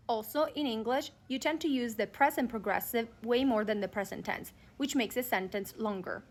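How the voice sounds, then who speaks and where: A woman in her thirties with an Italian accent, explaining language in a short social media lesson and slowly demonstrating words. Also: on the high side. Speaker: Italian teacher.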